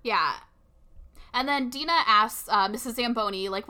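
A woman's voice: on the high side, moderate pace, pushed and bright. A young woman co-hosting a podcast, recapping a movie in casual chat and saying "like" constantly. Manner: chatty, heavy use of filler "like". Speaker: podcast co-host.

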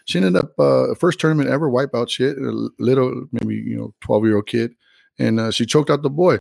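A man with a gravelly, fry-heavy voice chatting on a podcast, blunt and profane but ready to agree. His pitch sits in an ordinary middle range. The sound is close and dry, with no room echo. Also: moderate pace, darkish tone. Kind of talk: casual podcast chat.

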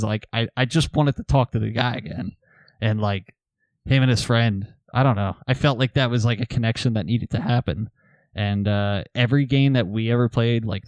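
Recorded without echo, a man in a mid-range voice tells friends on a podcast a story in a laid-back way. He reads old messages aloud, laughing along with them.

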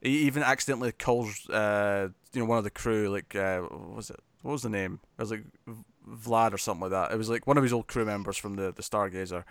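A man's voice: lowish voice, steady tone, fast talker, fairly bright tone, dry recording. A man chatting casually as a podcast co-host, laughing and acting out characters' lines as he recaps an episode.

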